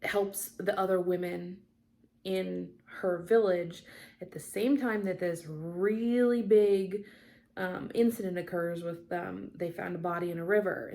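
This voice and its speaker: A woman's voice: lowish voice, steady tone, moderate pace, creaky, darkish tone. A young woman chatting casually in her craft vlog, rambling with lots of fillers. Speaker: cross-stitch vlogger. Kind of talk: casual chat.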